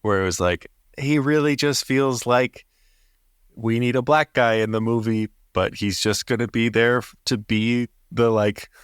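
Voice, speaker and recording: A man's voice: mid-range voice, fairly even intonation, unhurried, clean tone, dry recording, studio quality. A young man co-hosting a casual movie review podcast, easygoing and agreeable, laughing along. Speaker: podcast co-host.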